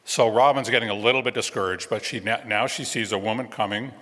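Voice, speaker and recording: A male guest minister telling a children's story during a church service, gentle and playful, with pauses. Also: fairly low pitch. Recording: long reverb of a large hall.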